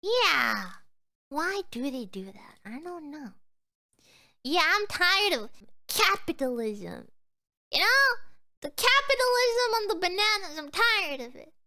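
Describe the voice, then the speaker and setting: Sleepy young woman streaming, super high voice, rambly, goes way up and down. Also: very animated, takes it slowly, bright, forceful tone. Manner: drowsy rambling, trailing off; chatting to viewers. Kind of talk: casual livestream chat.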